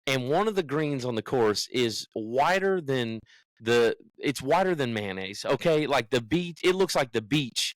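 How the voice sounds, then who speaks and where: A man's voice: medium pitch, lively intonation, measured pace, no echo, low-quality recording. A young man from the United States, a podcast co-host, tells a story in casual chat and acts out what other people said.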